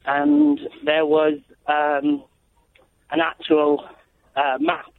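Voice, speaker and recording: Young man, caller, hesitant, gravelly, phone line, faint hiss. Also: on the high side, big pitch swings. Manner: hesitant, many ums and pauses. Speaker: caller, council intern. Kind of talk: phone-in call.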